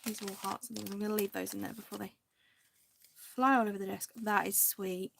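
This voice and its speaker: Lady rambling while she crafts, little whispery asides, kinda gravelly voice. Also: mid-range voice, flat delivery, fairly quick, a little hiss or hum. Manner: chatty, indecisive, muttering to herself, soft half-whispered asides. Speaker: crafting video host. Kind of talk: casual crafting chat to viewers.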